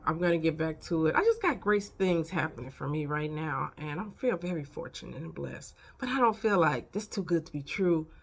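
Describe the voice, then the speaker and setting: Her pitch sits fairly low with a somewhat bright tone. A fifty-something life coach, she chats directly to her audience in a relaxed motivational vlog, dispensing plain-spoken, folksy wisdom.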